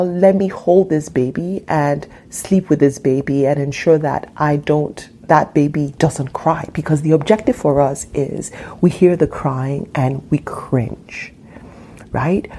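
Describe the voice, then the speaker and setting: Earnest woman with a husky voice. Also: lowish voice, warm tone. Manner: earnest, repeats key phrases for emphasis. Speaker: podcast host and parenting coach. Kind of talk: solo podcast monologue.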